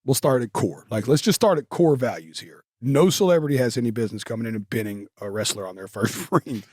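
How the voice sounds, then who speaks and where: A man's voice: mid-range voice, a little fast, a little mellow, no echo, clean studio sound. Laid-back man telling stories. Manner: drawling Southern talk with many fillers. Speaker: guest. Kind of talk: casual interview storytelling.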